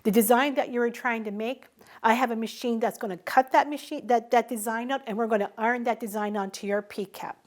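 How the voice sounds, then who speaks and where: A woman's voice: a little high, brisk. A middle-aged woman in a conversational interview, telling stories and acting out the dialogue she quotes. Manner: animated, acts out quoted dialogue. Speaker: interviewee, small business owner.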